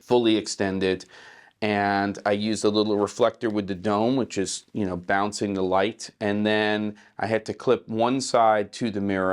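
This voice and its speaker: A man hosting a casual how-to talk in a small hotel suite, relaxed and conversational with a morning voice. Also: fairly low pitch, smooth. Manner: relaxed, conversational, many fillers. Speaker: filmmaker host.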